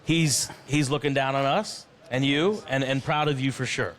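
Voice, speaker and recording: A man's voice: medium pitch, steady tone, normal speed, fairly bright tone. A man hosting a podcast, supportive and encouraging as he wraps up with a guest. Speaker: podcast host. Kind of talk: casual conversation.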